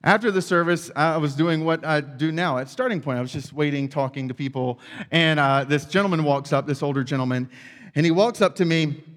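A man pastor delivering a sermon through personal stories, animated and full of self-deprecating humor, in a church auditorium. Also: on the high side, a little fast, big-room sound.

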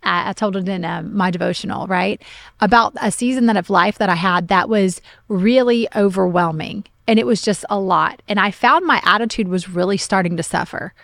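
A middle-aged woman pastor co-hosting a podcast, telling a personal story with lively, animated retellings of her own complaints. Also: mid-range voice, normal speed, gravelly, no echo. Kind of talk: casual podcast talk, testimony.

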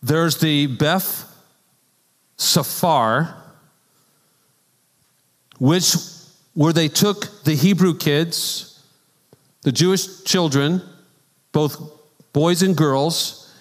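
Animated male pastor in a reverberant church. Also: a little high, very slow, long pauses. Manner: animated storytelling with asides and laughs. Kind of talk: conversational sermon. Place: church sanctuary. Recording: long church hall reverb.

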